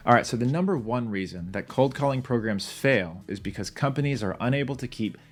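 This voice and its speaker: A man's voice: mid-range voice, expressive, a little fast, soft background music. A man teaching beginners a sales method in a direct, confident, plain-spoken way. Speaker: sales trainer. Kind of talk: instructional talk to camera.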